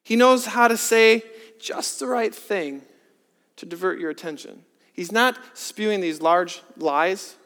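A man with a strikingly high voice delivers an earnest sermon. He drops to hushed, slow emphasis, then presses with emphatic rhetorical questions. His voice rings out with a long reverb in a large church hall. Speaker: preacher.

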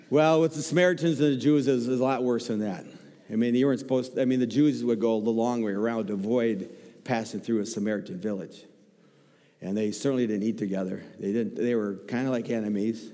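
A man's voice: medium pitch, brisk. A man preaching a sermon with humor, acting out voices as he tells a story in church. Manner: animated, joking storyteller, acts out voices. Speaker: guest preacher. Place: church sanctuary. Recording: long hall reverb.

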